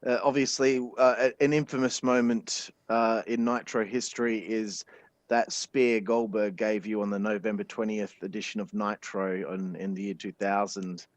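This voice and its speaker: A man's voice: fairly low pitch, fairly even intonation, moderate pace, no room sound. A man co-hosting a podcast, asking hesitant questions and reacting bluntly in casual chat. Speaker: podcast co-host.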